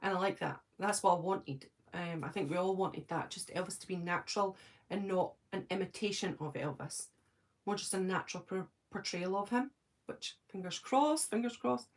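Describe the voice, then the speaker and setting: A woman's voice: lowish voice, normal speed. A Scottish woman chatting casually on a live stream from her home, answering viewers' comments by name and thinking aloud. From Scotland.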